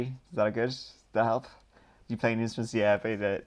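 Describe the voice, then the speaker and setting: An Irish man from Dublin chats through viewer questions on a live stream. His voice sits a little low, and he drifts through his answers with frequent ums and loose asides. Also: fairly even intonation, fairly quick. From Ireland. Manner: rambling, reads questions aloud then answers with many ums. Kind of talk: casual live-stream chat.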